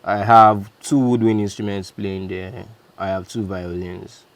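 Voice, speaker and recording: A man's voice: lowish voice, flat delivery, unhurried, dry recording. Chatty man walking through his beat. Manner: chatty, loose, self-correcting. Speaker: music producer. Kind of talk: casual beat breakdown walkthrough.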